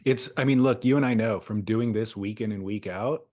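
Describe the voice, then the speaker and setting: A man's voice: on the low side, normal speed, a little mellow. A man co-hosting a podcast in casual chat, chatty and a little pedantic. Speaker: podcast co-host.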